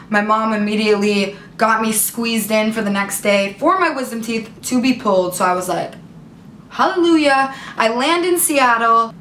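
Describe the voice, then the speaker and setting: A young woman vlogger with a fairly high voice tells a story to camera, casual and dramatic, packed with "like" fillers. The recording has an echoey room and slight background noise.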